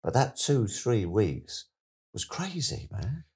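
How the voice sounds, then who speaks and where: A middle-aged man tells stories as an interview guest, chatty and animated, slipping into excited voices when he quotes people. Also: medium pitch, takes it slowly. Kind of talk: casual storytelling interview.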